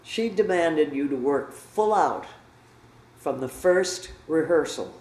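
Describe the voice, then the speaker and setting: A man's voice: on the high side, animated, takes it slowly, darkish tone. An elderly man in his eighties, a veteran actor, reminiscing in an interview with anecdotes. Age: 80s. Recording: roomy echo.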